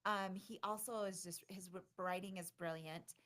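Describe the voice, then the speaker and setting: A woman co-hosting a livestream, chatting excitedly with many fillers and restarts. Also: mid-range voice, normal speed. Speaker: conference organizer and co-host. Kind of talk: casual livestream chat.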